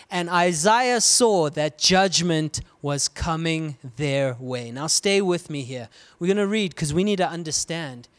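A man from South Africa preaching a sermon, swinging between loud cries and hushed, quiet lows. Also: clear, resonant tone. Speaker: pastor.

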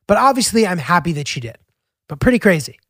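A man's voice: high voice, sing-song, fast. A young man chatting casually about a road trip, easygoing and full of filler words. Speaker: travel vlogger. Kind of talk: casual travel narration. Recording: voice-over with music bed.

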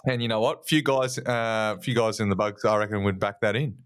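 A man's voice: lowish voice, steady tone, fairly quick, clear, resonant tone, no room sound. An Australian man co-hosting a podcast, telling rambling stories and ribbing his friends in casual banter. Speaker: podcast co-host.

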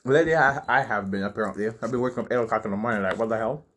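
A man's voice: on the low side, rapid-fire, a bit bright. A young man chatting casually and bluntly, trading opinions and laughing easily. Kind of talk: casual chat.

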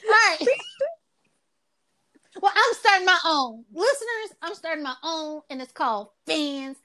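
A woman's voice: very high-pitched, a little slow, background noise. A woman hosting a podcast in casual chat, teasing her co-hosts and laughing often. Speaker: podcast host.

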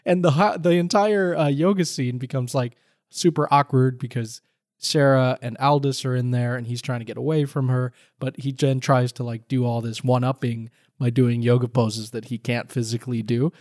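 A podcast co-host in casual chat, talking fast and retelling scenes from a film. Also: mid-range voice, fairly even intonation, a little mellow, no room sound, studio quality.

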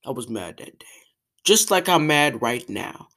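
A young woman hosting a podcast, ranting casually in an exasperated, animated way, full of restarts and fillers. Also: a bass voice, unhurried. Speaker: podcast host.

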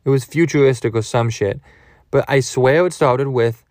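A man's voice: medium pitch, moderate pace, darkish tone, no echo, studio quality. A man hosting a podcast, telling crude, goofy, rambling stories. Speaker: podcast host. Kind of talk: rambling comedic monologue.

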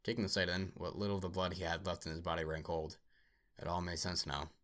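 Deep voiced guy reading a sci-fi story out loud, steady with small slips. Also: quick pace. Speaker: narrator.

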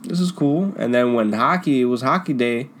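A young man telling stories from school in a casual, slangy chat, laughing often and trailing off into quieter mumbles. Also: medium pitch, moderate pace. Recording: faint background noise.

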